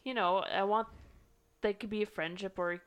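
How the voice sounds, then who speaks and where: A woman's voice: mid-range voice, steady tone, moderate pace, clean tone. A woman co-hosting a podcast in casual chat, chatty and gushing about actors. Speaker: podcast co-host.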